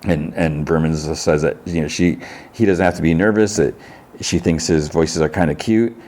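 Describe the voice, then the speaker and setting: A man with a very low, deep voice runs through the plot of a TV episode in a loose, chatty way. He keeps starting over mid-sentence, quotes the characters with "he's like", and now and then laughs at the story. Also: moderate pace, darkish tone. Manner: rambling, with frequent restarts and "he's like" quotes; laughs while telling the story. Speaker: podcast host. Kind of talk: casual episode recap.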